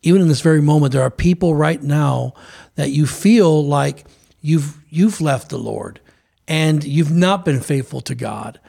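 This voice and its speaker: A man's voice: on the high side, a little slow, creaky, mellow. A man preaching on a broadcast program, speaking fervently with frequent restarts. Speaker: preacher and co-host.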